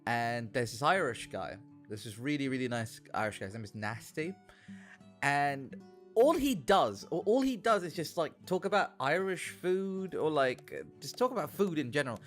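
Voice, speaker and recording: A man chatting on a gaming stream, telling rambling stories in an animated way and swearing a lot. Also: on the high side, normal speed, soft background music. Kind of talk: casual gaming stream chat.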